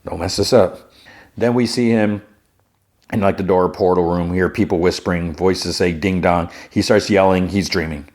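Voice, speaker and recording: A low-voiced man talks through a TV episode on his podcast in an easygoing, rambling way. He restarts his sentences often and jumps into higher, playful voices whenever he quotes a character. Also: steady tone, moderate pace, a little mellow. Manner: slips into raised-pitch voices for quoted characters. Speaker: podcast host recapping a TV episode. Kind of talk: casual recap with acted quotes.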